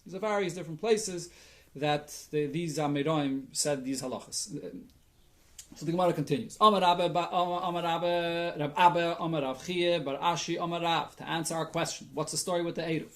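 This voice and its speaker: High-voiced rabbi teaching the Talmud. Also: male voice, fairly even intonation, brisk, a bit bright. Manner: reads Aramaic text and explains it in English with Yiddish and Hebrew terms; thinks aloud, with restarts and fillers. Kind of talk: Talmud study lesson.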